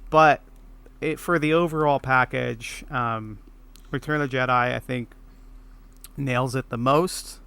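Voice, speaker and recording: A man's voice: medium pitch, steady tone, measured pace, gravelly, long pauses, sharp tone, clean tone. A man guesting on a gaming podcast, talking casually with many ums and a wry edge.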